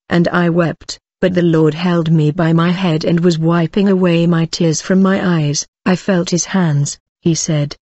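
A woman's voice: fairly low pitch, steady tone, measured pace, few pauses, mellow, no echo. Earnest woman giving a religious testimony. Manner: earnest, addresses listeners directly. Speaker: testimony speaker. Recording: dull dry lo-fi recording.

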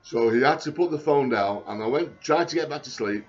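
A man, talking in a rambling video diary, halting and repetitive with many restarts, sounding anxious and panicky. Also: mid-range voice, expressive, dull audio.

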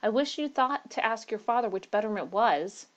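A woman's voice: fairly high pitch, expressive, normal speed, lightly acted. Storybook: woman doing a jumpy man at an inn, uneasy, curt. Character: uneasy, nervous male guest.

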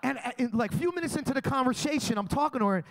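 A young man, his voice pitched unusually high, working a comedy club crowd. He tells crude, boastful stories in a brash, swaggering way. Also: animated, fast, vocal fry, fairly bright tone. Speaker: stand-up comedian. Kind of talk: live stand-up comedy set.

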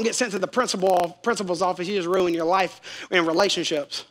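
A male pastor delivers a sermon in a high, bright voice. He leans on repetition and keeps turning to the congregation for a response. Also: a little fast. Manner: emphatic, repeats key phrases, calls on the congregation to respond.

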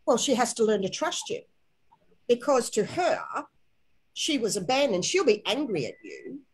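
A woman guiding a spiritual inner-child healing session, talking softly and slowly and coaxing with endearments. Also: on the high side, very animated, breathy edge, low-quality recording. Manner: soft, slow, coaxing guidance with gentle endearments.

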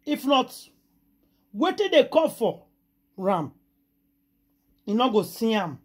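A woman's voice: a little high, big pitch swings, takes it slowly, darkish tone, breathy edge. A woman with a Nigerian accent, hosting a gossip channel and retelling a story dramatically in Pidgin, with repeated exclamations.

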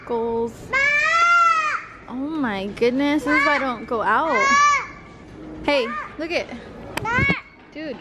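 A woman's voice: high voice, slow, pauses often, heavy background noise. A young woman vlogging in a furniture store, talking to the camera in a chatty and playful way. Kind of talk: casual vlog chat.

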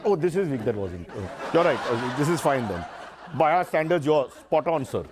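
A man's voice: mid-range voice, big pitch swings, normal speed, a crowd in the background, background noise. A man with an Indian English accent hosting a comedy news show, with sardonic, mock-serious asides. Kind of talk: satirical news comedy monologue.

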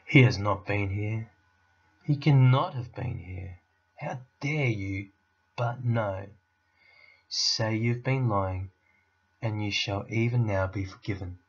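A man's voice: fairly low pitch, slow pace, long pauses, breathy edge, lo-fi sound, full character voice. A man reading aloud, voicing a cruel, imperious witch queen who speaks in scornful commands.

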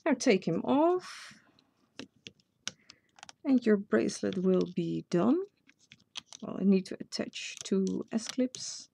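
A woman's voice: medium pitch, expressive, takes it slowly, vocal fry, long pauses, dark tone, a little hiss or hum. A woman with a Dutch accent, a native Dutch speaker, hosting a casual step-by-step craft tutorial and chatting to herself as she works. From Netherlands. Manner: chatty, self-talking while working.

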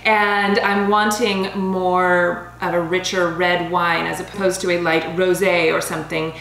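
A woman in her thirties chatting casually as she reviews wines, bubbly and quick to laugh, stumbling over foreign names. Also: lowish voice, flat delivery, creaky, fairly bright tone. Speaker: vlogger reviewing wine. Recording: roomy home recording with faint hum.

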